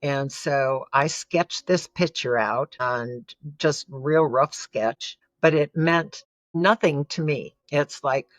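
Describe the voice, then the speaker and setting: A woman's voice: a bass voice, slow, dry recording. A woman giving an earnest, emotional personal testimony as a guest in an interview. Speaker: podcast guest.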